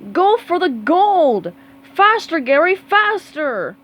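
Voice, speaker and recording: A woman's voice: extremely high pitch, sing-song, takes it slowly, fairly bright tone, voice pushed up, heavily acted. A woman reading a storybook aloud, voicing a grumpy, demanding male squid coach who barks orders. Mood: bossy. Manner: bossy, barking orders.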